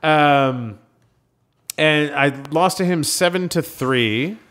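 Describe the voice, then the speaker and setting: His voice a little high and his delivery slow, a male co-host from Minnesota chats casually on a podcast. He's an animated storyteller, performing each line of quoted dialogue.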